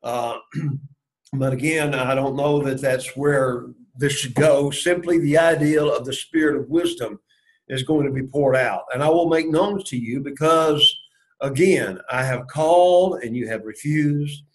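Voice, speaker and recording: A man's voice: mid-range voice, unhurried, low-quality recording. A man leading a Bible study lesson, going through the verses and asking and answering his own questions. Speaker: Bible class teacher.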